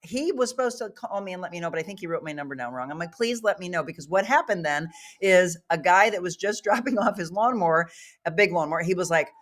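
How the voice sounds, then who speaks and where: Animated woman host telling a story. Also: fairly low pitch, fast talker. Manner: animated storyteller, laughs often. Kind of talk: live talk show chat.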